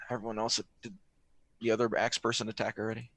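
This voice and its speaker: A man playing a tabletop game over a voice call, animated and thinking aloud. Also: on the low side, fairly quick, no echo, poor audio. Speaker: player. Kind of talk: casual tabletop play.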